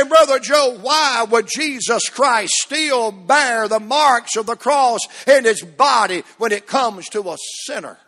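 A man preaching a sermon, rising to shouts and dropping to near whispers. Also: sits high. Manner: Southern preaching cadence, swinging from shouts to hushed tones. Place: church sanctuary. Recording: long hall reverb.

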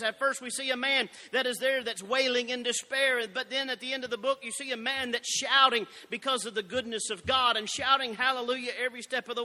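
A man preaching a sermon, emphatic and drawing words out slowly to stress scripture he reads aloud. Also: very high voice, bright, forceful tone, big-room sound.

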